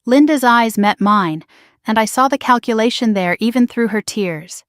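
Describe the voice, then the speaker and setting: Give me a woman narrating a scripted story, measured and dry. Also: fairly high pitch, no echo.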